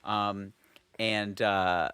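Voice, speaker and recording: A man's voice: lowish voice, level tone, extremely slow, bright, forceful tone, clean tone, no room sound. A man co-hosting a podcast, rambling and joking in casual chat. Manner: jokey, rambling, slips into quoted voices. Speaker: podcast co-host.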